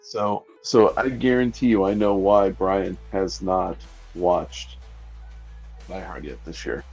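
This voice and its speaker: A man's voice: deep voice, fairly even intonation, takes it slowly, darkish tone, breathy edge, dull audio, soft background music. A man taking part in a casual stream chat, with a dry, contrarian sense of humor. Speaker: stream guest.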